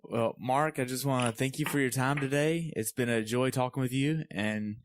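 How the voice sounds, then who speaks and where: A man's voice: medium pitch, normal speed, a little hiss or hum. A man hosting a triathlon podcast, asking short questions and thanking his guest. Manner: friendly, brief replies, upbeat outro. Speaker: podcast host, triathlon coach. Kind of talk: interview host and podcast outro.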